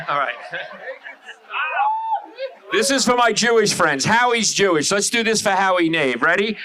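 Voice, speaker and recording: A middle-aged man from Long Island, doing loud, brash, crude stand-up and crowd work on a showroom stage. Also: high-pitched, animated, moderate pace, long pauses, a little hiss or hum. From Long Island, New York. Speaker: stand-up comedian. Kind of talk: live stand-up comedy.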